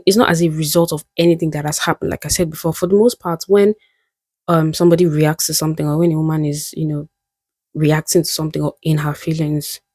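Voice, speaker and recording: A woman's voice: low voice, warm tone, dry recording. A young woman vlogging in a candid, musing way, often laughing at herself as she reflects. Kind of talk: reflective casual monologue.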